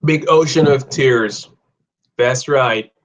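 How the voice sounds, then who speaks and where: A young man hosts a chatty live online lesson on English idioms, joking with viewers and reading their comments aloud. He speaks slowly in a medium pitch, and the recording is rough.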